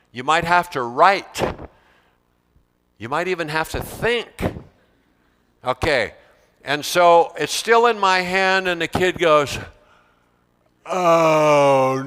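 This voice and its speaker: A man tells classroom stories to an audience of teachers with a bright, forceful voice that rings clear and smooth. His delivery is animated, and he slips into whiny student impressions now and then. The sound carries a long reverb, as if he were speaking in a hall. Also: a little high. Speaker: teacher giving a talk to teachers. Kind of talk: storytelling talk with acted-out student voices.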